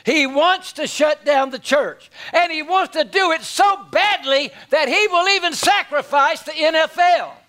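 Folksy, animated preacher man. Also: very high-pitched, a little slow, hardly any pauses. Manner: folksy, animated preaching with big swings from loud to hushed. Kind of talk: sermon.

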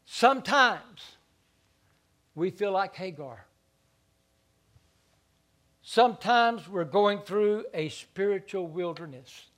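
A man preaching a sermon as pastor, stammering into repeated words and moving between quiet asides and loud stretches. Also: sits high, takes it slowly, long pauses.

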